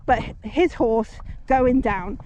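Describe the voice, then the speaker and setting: A woman's voice: fairly high pitch, slow. Chatty woman riding in traffic. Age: 40s. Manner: chatty, soothing her horse, thanking passing drivers. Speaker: horse rider vlogger. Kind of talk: casual story-time chat while riding. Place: outdoors on horseback on a busy road. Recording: muffled outdoor recording, traffic noise. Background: passing traffic.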